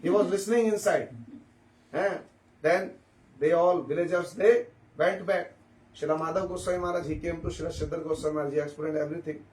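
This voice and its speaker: High-voiced man in an echoey room. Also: steady tone, a little fast, a little mellow. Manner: repetitive, questioning listeners, storytelling. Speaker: speaker at a devotee gathering. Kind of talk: informal spiritual talk. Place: room at a devotee gathering. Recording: echoey room, mic at a distance.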